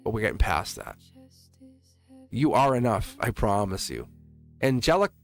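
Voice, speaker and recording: A man's voice: on the low side, sing-song, moderate pace, creaky, faint music behind. A middle-aged man reading tarot on a live stream, chatty and playful, laughing often and talking straight to his viewers. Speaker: tarot reader.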